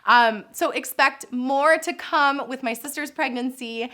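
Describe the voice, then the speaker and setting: A woman's voice: high-pitched, a little slow, hardly any pauses, pushed and bright. A woman in her thirties, a birth coach and nurse, chatting through viewer questions in a casual vlog, gushing and laughing often.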